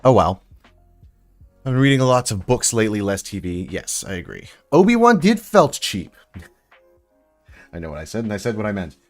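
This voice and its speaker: A man's voice: fairly low pitch, moderate pace, long pauses, soft background music. A man hosting a casual building live stream, rambling and chatting with viewers as he works. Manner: chatty, rambling, answers chat while building. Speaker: livestream host building sets.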